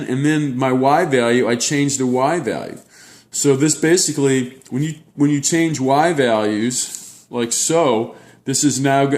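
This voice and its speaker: A man's voice: mid-range voice, darkish tone. Echoey man teaching a math lesson. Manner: explains step by step, checking in with "okay?". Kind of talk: classroom lecture at a whiteboard.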